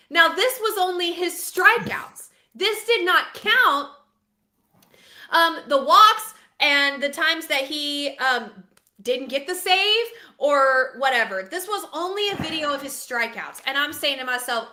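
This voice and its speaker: A woman co-hosting a casual baseball podcast, high and bright in tone. She talks in a dramatic, self-mocking, animated way. The room around her sounds echoey. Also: measured pace. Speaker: podcast co-host. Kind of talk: casual sports podcast chat.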